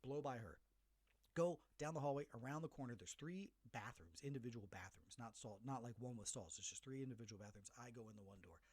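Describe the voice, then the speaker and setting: A middle-aged man hosts a solo podcast, racing through a story in a fast, rapid patter. His pitch swings widely as he acts out everyone's voices. He sits close to the mic in a dry, deadened room. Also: husky, dry recording. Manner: animated storyteller who acts out the voices of others. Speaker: podcast host.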